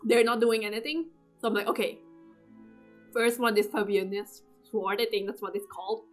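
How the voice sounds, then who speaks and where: A young woman casually recapping her game summons, often jumping into high, loud squeals as she replays her own screaming. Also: fairly even intonation, normal speed. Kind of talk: casual excited commentary over gameplay. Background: game music.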